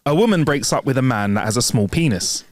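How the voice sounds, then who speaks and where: A man, co-hosting a podcast, reading jokes quickly and laughing at the punchlines. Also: medium pitch, expressive, no echo. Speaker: podcast co-host. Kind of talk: casual joke-telling chat.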